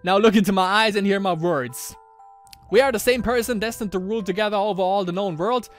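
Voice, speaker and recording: A man putting on a higher voice to play a clingy, possessive young Roman noblewoman, pleading and theatrical. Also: fairly quick, soft background music, natural voice.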